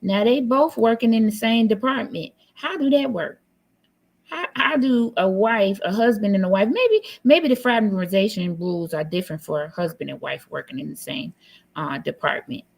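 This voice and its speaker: A woman's voice: mid-range voice, moderate pace, vocal fry. Woman streamer, casual sassy commentary, blunt and teasing, computer mic. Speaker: live stream host. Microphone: computer mic on a live stream.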